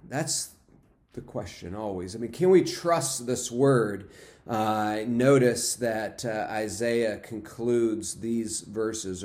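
A man preaching a sermon, unhurried, with fillers and repeated phrases. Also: fairly low pitch, warm tone. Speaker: pastor.

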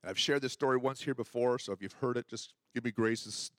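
A middle-aged man preaching a sermon as pastor, telling personal stories and acting out the dialogue with lively energy. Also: medium pitch, a little fast, no room sound, studio quality. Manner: animated storyteller who acts out dialogue.

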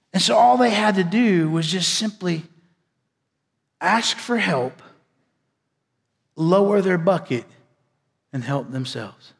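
High-voiced male preacher in a reverberant hall. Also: vocal fry. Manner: preaching with dramatic swings from loud to hushed. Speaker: pastor. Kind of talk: sermon.

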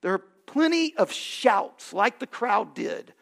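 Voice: medium pitch, big pitch swings, slow pace, gravelly, a bit bright. A pastor preaching a sermon, asking the congregation questions and building to emphatic points.

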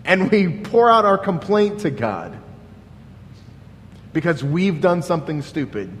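Earnest high-voiced man preaching in a hall. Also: sing-song, a little slow, slight background noise. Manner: earnest, questioning, with many restarts and "like". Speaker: pastor. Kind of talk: sermon.

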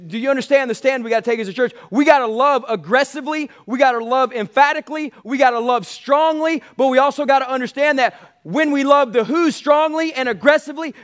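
A man's voice: very high voice, a bit bright. A man preaching a sermon as pastor, emphatic and repetitive, calling out to his congregation.

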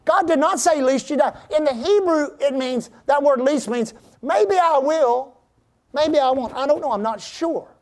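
A middle-aged man preaching a sermon, calling out to the congregation, reading scripture aloud and at times breaking into shouts. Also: very high voice, normal speed. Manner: preaching with call-and-response to the congregation; reads scripture aloud in old-fashioned wording. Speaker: pastor.

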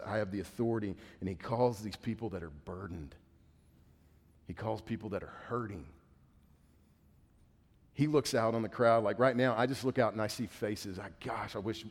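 A male pastor preaching a conversational sermon, dropping to a hushed voice when quoting. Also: fairly low pitch. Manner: conversational preaching, drops to a hushed voice for quoted words. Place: church sanctuary. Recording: reverberant church hall.

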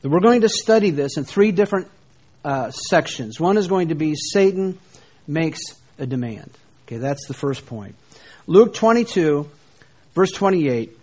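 Guy preaching a bible lesson, kinda high voice, reads verses slow w/ big pauses. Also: very animated. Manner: slow, deliberate reading of scripture with dramatic pauses. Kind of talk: Bible teaching sermon.

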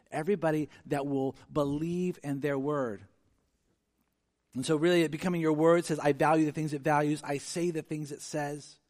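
A man preaching a sermon, earnest and conversational, moving from quiet reflection to emphatic, rising delivery. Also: medium pitch. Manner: conversational with frequent restarts. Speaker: pastor.

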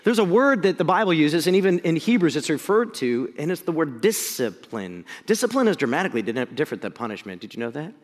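Animated high-voiced preacher man. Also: quick pace, hardly any pauses, in a large hall. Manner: energetic, jokey, swings from loud excitement to hushed. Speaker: pastor. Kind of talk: sermon.

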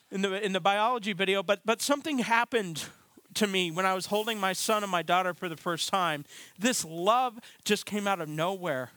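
A man in his thirties preaching a sermon, telling a funny family story with animated, self-deprecating delivery. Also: high voice, dry recording. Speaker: pastor.

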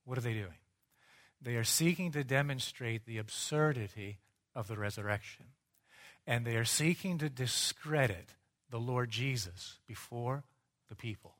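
A man preaching a sermon, emphatic and rhetorical, dropping low and quiet and then rising loud for his points. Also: normal speed. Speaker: pastor.

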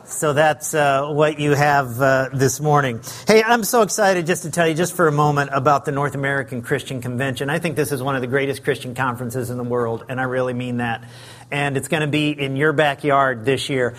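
A man with a high, light voice preaching as a guest pastor, chatty and self-deprecating, with many fillers. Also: steady tone, brisk, fairly bright tone. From Southern California. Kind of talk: sermon. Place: church sanctuary.

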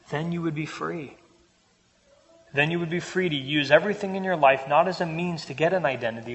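Man, pastor, conversational sermon, rhetorical questions, mid-pitched voice, long hall reverb.

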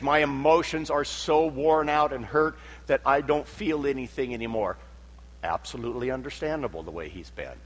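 A man's voice: fairly high pitch, fairly quick, a bit bright. A man preaching a sermon, speaking with emphatic rises and drops and acting out quoted voices. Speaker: pastor. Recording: long hall reverb.

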